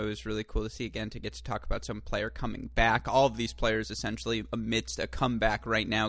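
A man's voice: fairly low pitch, a bit bright, no echo. A man hosting a podcast interview, chatty and joking, with frequent filler words. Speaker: podcast host.

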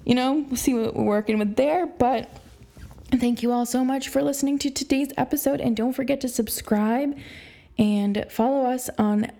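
A young adult woman hosting a solo sports podcast, talking in an animated way with many fillers like "you know" and "like". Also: on the high side, normal speed, gravelly. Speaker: podcast host.

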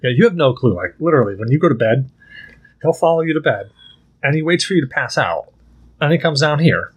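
Husky, lively man telling jokey stories. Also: fairly high pitch, fairly quick. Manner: animated, joking storyteller. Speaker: podcast host. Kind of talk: casual chat.

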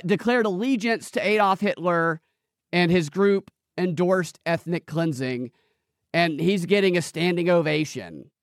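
A man's voice: fairly high pitch, no room sound, studio quality. A man hosting a political podcast, reading news aloud and adding sarcastic, incredulous commentary with laughing asides. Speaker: podcast host.

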